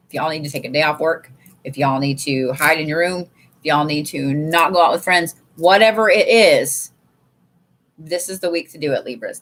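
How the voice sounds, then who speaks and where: A woman's voice: low voice, fairly bright tone. Blunt, chatty woman reading cards. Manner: blunt, chatty, swears freely, addresses viewers as y'all. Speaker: tarot and oracle card reader. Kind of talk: casual live card reading.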